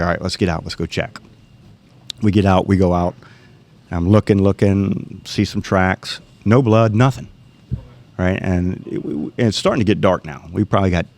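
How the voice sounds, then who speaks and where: A middle-aged man tells a story in a casual, animated way, voicing the people in it. His voice sits very low, with a rough gravelly edge. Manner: animated storyteller, acts out quoted dialogue. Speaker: guest telling a hunting story.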